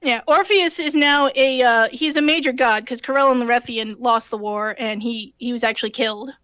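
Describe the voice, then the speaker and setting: A woman game master casually retelling a tabletop session in an animated way, with many fillers and restarts. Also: fairly high pitch, moderate pace, no echo. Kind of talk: casual storytelling.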